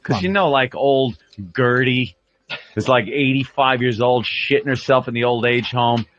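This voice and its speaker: A man's voice: medium pitch, normal speed, a bit bright, a little hiss or hum. A man hosting a radio show, telling crude, rambling stories in studio banter. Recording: dull lo-fi broadcast audio.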